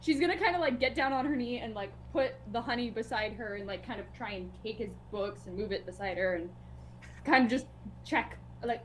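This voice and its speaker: A woman playing a tabletop game, describing her character's actions in an animated, excitable way. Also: a little high, brisk, a little hiss or hum. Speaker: player. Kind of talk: casual tabletop play.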